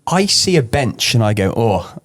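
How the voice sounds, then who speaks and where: A man's voice: medium pitch, lively intonation, a little fast. A man from northern England, co-hosting a casual podcast chat, joking at his own expense and often restarting his sentences. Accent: northern English. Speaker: podcast co-host.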